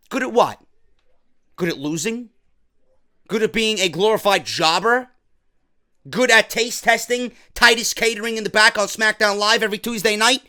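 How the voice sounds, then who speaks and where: A man with a New York accent reviewing a wrestling show, ranting with profanity and sarcasm and getting loud and heated. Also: sits high, normal speed, pauses often.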